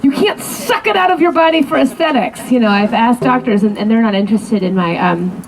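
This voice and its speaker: A woman's voice: a little high, animated, fairly quick, poor audio. A woman doing a rambling, self-deprecating stand-up set on a backyard stage, full of fillers and restarts. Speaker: stand-up comedian.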